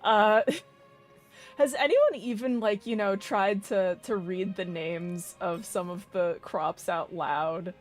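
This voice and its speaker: A woman's voice: medium pitch, slow pace, soft background music. Chatty young woman streaming a game. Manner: chatty, rambling, swearing, laughing often. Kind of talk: casual gameplay commentary.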